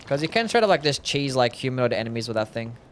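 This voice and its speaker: A man's voice: mid-range voice, big pitch swings, fast, background noise. A young man casually commenting on a game live, musing aloud and answering viewer questions. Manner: laid-back, musing, answers chat questions. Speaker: streamer.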